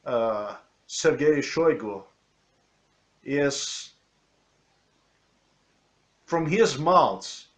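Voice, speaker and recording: A man in non-native English giving rambling spoken commentary over video clips, ranting and often correcting himself. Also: medium pitch. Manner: ranting, with frequent restarts and self-corrections.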